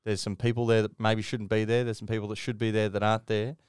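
Middle-aged aussie guy, low smooth voice, laughs a lot, yarns away, dry close mic. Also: level tone, fast talker, a little mellow, no room sound. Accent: Australian. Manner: laughing storyteller, swearing, acting out people he quotes. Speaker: podcast co-host. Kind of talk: casual chat.

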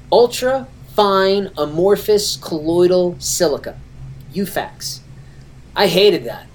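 A woman guest who explains technical material in conversation, lively and full of everyday analogies. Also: lowish voice. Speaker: guest concrete expert.

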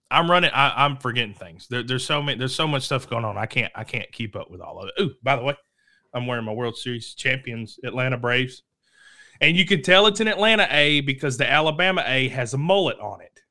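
A man hosting a local high school sports show, talking casually and rambling, correcting himself and coughing now and then. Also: lively intonation, brisk, pushed and bright. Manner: rambling, self-correcting, chatty. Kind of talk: casual sports talk to camera.

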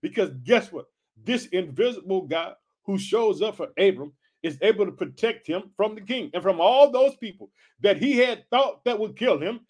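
High-voiced energetic man preaching. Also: normal speed. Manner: energetic, calls out to listeners as family. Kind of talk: informal sermon reading scripture.

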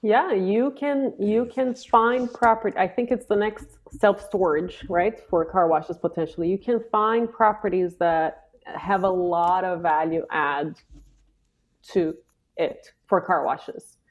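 A woman investor as an interview guest, easygoing and quick to laugh. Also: mid-range voice, lo-fi sound. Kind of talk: casual interview.

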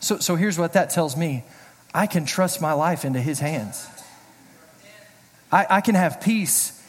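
A middle-aged pastor giving a casual, joking sermon, telling personal stories in a chatty way. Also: male voice, fairly high pitch, unhurried, slightly rough. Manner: chatty, storytelling, self-deprecating jokes. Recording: reverberant hall.

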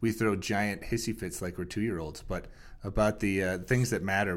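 A man's voice: lowish voice, fairly even intonation, moderate pace. Laughing, rambling man on a podcast. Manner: jokey, laughs often, rambling with fillers. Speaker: pastor. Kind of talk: casual podcast chat.

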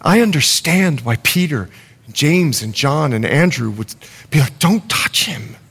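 A male pastor preaching a sermon, swinging from loud urgency to hushed confession. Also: medium pitch, expressive, unhurried, creaky, slightly rough.

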